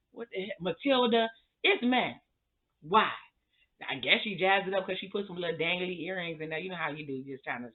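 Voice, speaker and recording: Sassy woman recapping a TV episode. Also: fairly low pitch. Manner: sassy, blunt, talks straight to viewers. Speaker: TV review vlogger. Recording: thin, phone-like sound.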